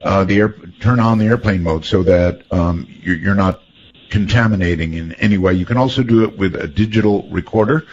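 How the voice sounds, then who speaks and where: A man's voice: low-pitched, brisk. A man co-hosting a radio talk show, steering the chat with wry questions. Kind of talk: casual on-air conversation. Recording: dull, lo-fi line with faint hiss.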